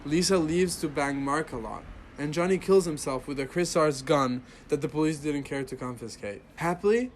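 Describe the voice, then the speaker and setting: A man's voice: fairly high pitch, normal speed, a little hiss or hum. A man hosting a podcast, sarcastically reviewing and reacting to a bad movie with crude, mock-reverent humor. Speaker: podcast host.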